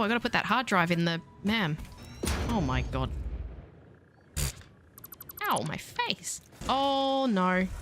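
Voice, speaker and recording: A woman with an Australian accent giving chatty, playful, self-mocking commentary while streaming a video game. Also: lowish voice. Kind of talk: casual let's-play commentary.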